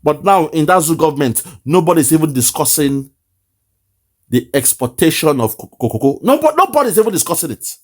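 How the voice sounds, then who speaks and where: A man's voice: on the high side, big pitch swings, a little fast. A man with a Nigerian accent giving impassioned political commentary, lamenting and repeating phrases for emphasis. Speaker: online commentator.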